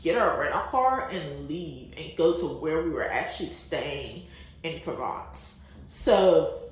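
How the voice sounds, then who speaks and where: Young American woman vlogger, unhurried and lively storytelling, laughs a lot, very roomy echo. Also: fairly low pitch. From United States. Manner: chatty, laughs often, many fillers. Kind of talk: casual travel storytelling. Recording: very echoey room.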